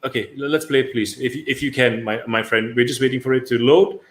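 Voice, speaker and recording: A man's voice: medium pitch, steady tone, a little fast. A man hosting a talk show, asking questions hesitantly with many fillers, laughing often. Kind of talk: casual interview. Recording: roomy echo.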